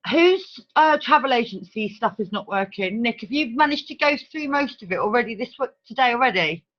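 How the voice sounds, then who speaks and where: A woman hosting a team training over a video call, talking in a brisk, chatty, organizing way. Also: fairly high pitch, animated. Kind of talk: casual online meeting talk. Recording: dull video-call audio.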